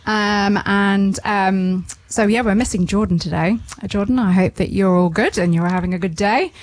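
A woman's voice: medium pitch, moderate pace. A woman hosting a casual radio business show in the studio, bubbly and laughing, with lots of ums.

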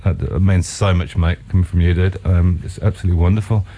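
A man hosting a radio music show, effusive and quick to call his guest mate. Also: sits low, steady tone. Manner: warmly enthusiastic, says mate a lot. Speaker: radio host. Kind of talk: casual radio interview.

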